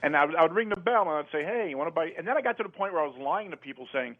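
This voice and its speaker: A man's voice: on the high side, expressive, rapid-fire. A man calling in to a talk radio show, telling a rambling story in casual chat. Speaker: caller. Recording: phone-line sound.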